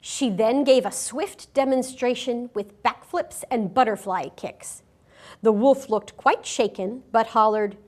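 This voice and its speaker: A woman reading a picture book aloud to children at a school, expressive and animated. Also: a little high, a little slow. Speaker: storyteller.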